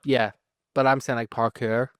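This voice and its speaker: A man with a Northern Irish accent recapping a TV episode in a casual podcast chat, telling it in a lively, profane way. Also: mid-range voice, normal speed, no room sound, clean studio sound. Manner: animated, profane storytelling with frequent laughs. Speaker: podcast co-host.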